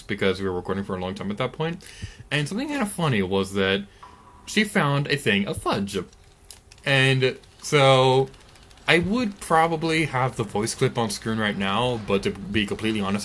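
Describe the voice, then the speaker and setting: A young man talking through a video game as he plays, chatty and excitable, laughing often. His voice sits fairly low but has a bright, forward edge to it. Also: a little hiss or hum. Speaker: let's play host. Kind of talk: gameplay commentary.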